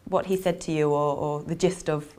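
A woman with a slightly low voice puts questions to her guest. She sounds friendly and light, opening a few questions with a small hesitation. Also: steady tone, normal speed, darkish tone. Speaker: interviewer. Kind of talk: interview questions.

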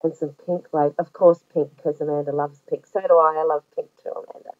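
A woman's voice: low voice, level tone, a little fast, no room sound. An Australian woman in her forties chatting casually about crafts, rambling and gushing with many ums and restarts. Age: 40s. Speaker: craft vlogger. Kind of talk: casual show-and-tell chat. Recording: dry tinny phone-like audio.

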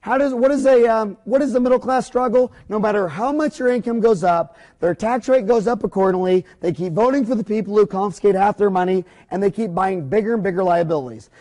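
A middle-aged man lectures at a whiteboard in a high, reedy voice. He talks bluntly and opinionated, rambling along with folksy mild cursing. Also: fairly quick, hardly any pauses, mellow.

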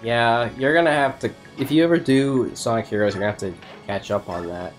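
A man's voice: mid-range voice, a little fast, soft background music. A man hosting a let's play, chatting casually in a rambling way and laughing often. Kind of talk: casual gaming chat.

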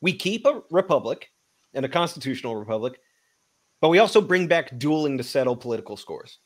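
A man's voice: on the high side, very animated, a little fast. A man in casual podcast chat, tossing in dry jokes between retellings. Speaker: co-host.

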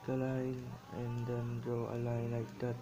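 A man narrates his drawing as he goes, rambling and amused with himself. He speaks slowly, at an unhurried pace, in a voice of ordinary pitch, and his English phrasing is often broken. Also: completely flat delivery, music in the background, rough recording. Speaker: drawing vlogger. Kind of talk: rambling commentary while drawing.

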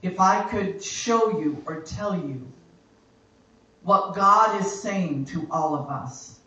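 A woman worship leader giving a spoken exhortation in a church, slow and emphatic, repeating her phrases for effect. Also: lowish voice, pushed and bright, lo-fi sound. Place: church sanctuary. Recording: very echoey church hall from far off.

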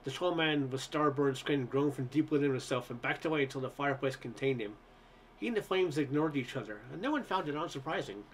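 A man narrating a story aloud in a relaxed storytelling manner, with occasional stumbles. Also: medium pitch, fairly quick, slight background noise. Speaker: story reader. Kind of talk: audiobook narration.

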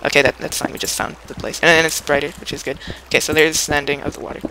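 A man's voice: on the high side, level tone, rapid-fire, creaky, background noise. A young man giving a casual, rambling gameplay tutorial, playful and chatty, humming little sound effects as he builds.

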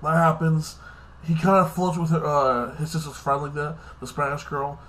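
A man talks through a TV episode recap in a loose, rambling vlog style. His voice sits a little higher than most men's. He keeps tacking "like this" onto his lines and swears freely. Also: flat delivery, normal speed, fairly bright tone. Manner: rambling, fills with "like this" and "like that"; swears casually. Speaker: TV episode reviewer.

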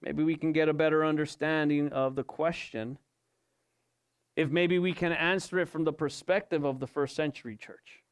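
Clear-voiced male pastor preaching. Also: a little high, fairly even intonation, normal speed. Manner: rhetorical questions and emphatic repetition. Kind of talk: evening sermon. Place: church service.

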